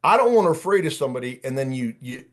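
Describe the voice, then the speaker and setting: A man in his late fifties running an online job-search workshop, talking in an animated, chatty way and calling on attendees by name. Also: mid-range voice, fast. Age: 50s. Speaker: workshop coach. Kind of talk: energetic online workshop talk.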